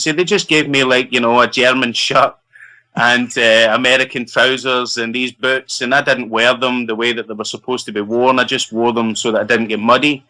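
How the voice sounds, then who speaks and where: A man's voice: mid-range voice, steady tone, moderate pace, bright, forceful tone, rough recording. A man, an actor guest telling a story in an interview and laughing as he goes. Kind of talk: anecdotal storytelling.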